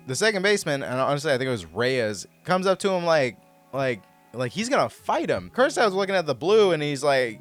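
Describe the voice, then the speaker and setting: A man hosting a casual commentary over replay footage, talking in an excitable, rambling way with lots of restarts. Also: a little high, fairly quick, faint music behind. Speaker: host breaking down baseball clips.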